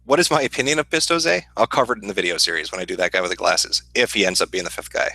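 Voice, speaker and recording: A man with a Midwestern accent, hosting a casual livestream and answering chat questions in a profane, deadpan, sardonic way. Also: deep voice, rapid-fire, gravelly, no echo, rough recording. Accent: Midwestern American.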